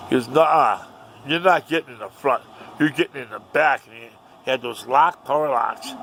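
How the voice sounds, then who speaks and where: A man's voice: medium pitch, creaky, noisy background. A man casually telling a family story, rambling and heavily profane.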